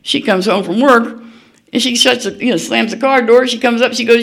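A woman's voice: fairly high pitch, normal speed, vocal fry, a bit bright. An older woman, telling her own story at a recovery meeting in a blunt, folksy, candid way, laughing at herself. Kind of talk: personal storytelling share.

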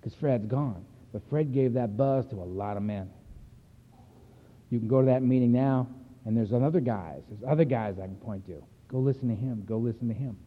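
A man's voice: medium pitch, moderate pace. Blunt man speaking to a meeting, tinny. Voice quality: emphatic storyteller, blunt and earthy. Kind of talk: personal recovery talk to a meeting. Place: meeting hall. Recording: echoey hall over a tinny phone-like line.

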